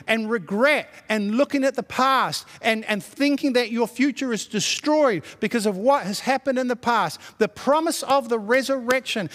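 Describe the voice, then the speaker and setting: High-voiced preaching pastor in a hall. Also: male voice, fairly bright tone. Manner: preaching with repeated declarations, reading scripture aloud. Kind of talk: sermon.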